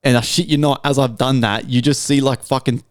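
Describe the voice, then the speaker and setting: A man's voice: mid-range voice, a little fast, no room sound, clean studio sound. Profane Australian man telling a story. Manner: profane, animated storytelling with heavy slang. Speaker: podcast co-host. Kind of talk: casual chat.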